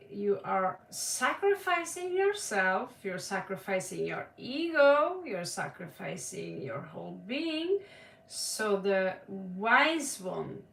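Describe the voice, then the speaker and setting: A woman's voice: medium pitch, gravelly, a bit bright. A woman from Norway giving a live tarot reading, chatty and laughing often, calling viewers by name. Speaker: tarot reader. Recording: roomy echo, distant mic.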